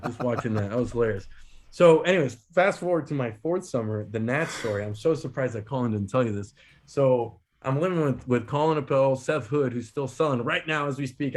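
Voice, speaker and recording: A man co-hosting a podcast, telling funny stories in an animated way, laughing often. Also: medium pitch, fairly quick. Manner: animated, laughing, lots of fillers. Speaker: podcast co-host. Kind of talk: casual storytelling.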